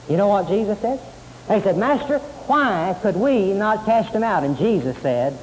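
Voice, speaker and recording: A man's voice: sits high, big pitch swings, a little slow, a little mellow. A man preaching a sermon, emphatic, repeating key phrases and quoting scripture. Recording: hissy tape in a long-reverb hall.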